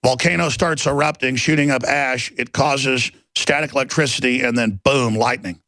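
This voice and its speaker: A man's voice: medium pitch, steady tone, moderate pace, sharp tone, no echo. A man hosting a talk radio show, delivering an intense, rambling monologue with emphatic outbursts. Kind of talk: ranting monologue. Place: radio studio.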